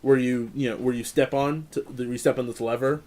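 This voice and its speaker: A man's voice: mid-range voice, fairly even intonation, brisk, warm tone, a little hiss or hum. Casual man telling a rambling story. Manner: rambling storyteller, swears freely, frequent restarts. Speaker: podcast co-host. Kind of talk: casual chat.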